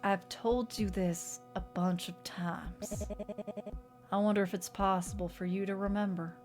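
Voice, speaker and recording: Calm tired son, read by a woman, gently insistent, for a horror visual novel, faint music underneath. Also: medium pitch, measured pace, close to an everyday voice. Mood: weary. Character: weary adult son, patient and calm.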